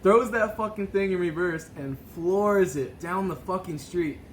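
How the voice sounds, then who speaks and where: A man on a podcast, telling a wild story in loose casual chat. He swears constantly and laughs through his own tale. His voice sits a little high, and a steady wash of noise runs under the recording. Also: measured pace, low-quality recording. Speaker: podcast co-host.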